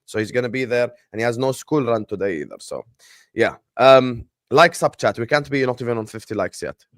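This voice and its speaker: A man hosting a casual live football chat stream, giving loud shout-outs to his viewers. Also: medium pitch, lively intonation, fairly quick, dry recording, clean studio sound. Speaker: host.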